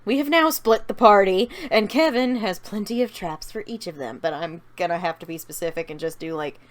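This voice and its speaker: A woman's voice: lowish voice, brisk, slight background noise. A woman casually narrating a fan-made story idea, with chatty asides to her viewers.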